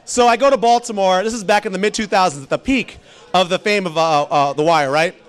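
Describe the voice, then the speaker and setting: A man's voice: sits high, fairly quick, clear, resonant tone. A male stand-up comedian telling rambling stories and talking with the audience. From immigrant background. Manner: animated, rambling, crowd work.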